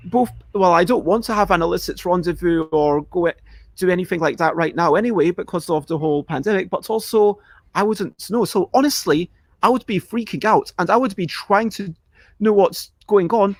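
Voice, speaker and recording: A man with a fairly high voice chats casually on his live stream. He rambles and cuts himself off, and now and then he acts out a panicked reaction. The sound is close and dry, with no room echo. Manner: chatty, self-interrupting, acts out panicked reactions. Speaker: livestream host answering viewer questions.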